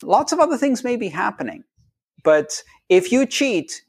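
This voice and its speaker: A man's voice: high voice, normal speed, creaky, husky. A man interviewed as a guest, explaining ideas in simple terms and briefly acting out the voices of people he quotes. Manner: animated, acts out quoted people.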